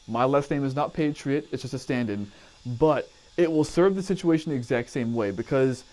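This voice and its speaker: A man's voice: mid-range voice, a little mellow. A man telling a personal story casually, rambling, cursing and often correcting himself.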